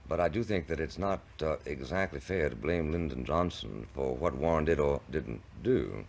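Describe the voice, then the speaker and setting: A man with an extremely deep, gravelly voice argues in a televised debate. He stammers through restarts and chooses ornate, wry phrasing. The sound comes from an old 1960s TV recording. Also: normal speed, a little hiss or hum.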